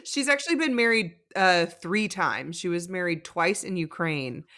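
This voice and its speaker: A woman with a lowish voice at normal speed co-hosts a podcast about reality TV, recapping it in a casual way. Animated and talkative, she fills her speech with "like" and laughs often.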